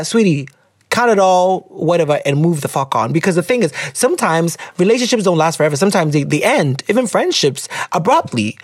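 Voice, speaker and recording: A young woman hosts a podcast, reading listener letters in a casual, chatty way, laughing often, wandering off on tangents, and mixing Twi slang into her talk. Her voice is fairly low and darkish, with clean studio sound and no room sound.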